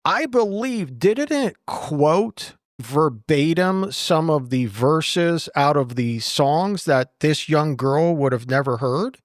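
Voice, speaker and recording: A male host prompting his guest with quick questions in an interview. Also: on the high side, lively intonation, no room sound, clean studio sound.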